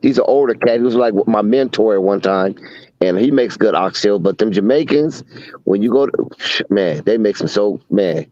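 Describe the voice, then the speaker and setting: A man's voice: on the low side, normal speed, warm tone, no echo. A man in casual chat, telling laid-back stories with trailing asides. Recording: dull dry lo-fi sound.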